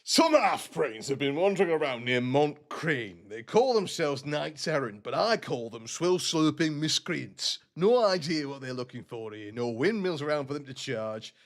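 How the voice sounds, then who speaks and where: A man's voice: on the high side, very animated, normal speed, hardly any pauses. A man reading as a brash bandit boss. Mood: swaggering. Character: boastful coarse male bandit boss.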